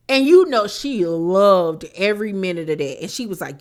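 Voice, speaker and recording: A woman's voice: mid-range voice, expressive, normal speed, hardly any pauses. A young woman hosting a reality show recap in a casual, blunt and profane manner.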